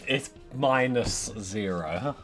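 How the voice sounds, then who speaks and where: Casting: male player, lowish voice, plotting and jokey, faint music bed. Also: lively intonation, slow, a bit bright. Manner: scheming, swearing, joking. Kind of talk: playing a tabletop game.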